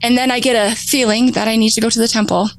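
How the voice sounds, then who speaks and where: A woman in her thirties telling her own recovery story on a talk show, animated, laughing often and acting out her past thoughts. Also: fairly high pitch, fast talker, low-quality recording. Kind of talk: emotional personal storytelling.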